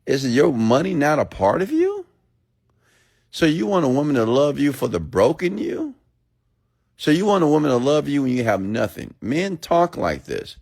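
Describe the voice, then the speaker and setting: A man live-streaming a blunt, preachy rant to viewers, swinging between loud outbursts and low asides. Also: wildly swooping pitch, normal speed, gravelly.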